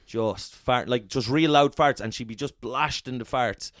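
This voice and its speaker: A man's voice: medium pitch, unhurried, no room sound, studio quality. A man co-hosting a podcast, telling crude, rambling stories in a casual comedic chat. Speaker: podcast co-host.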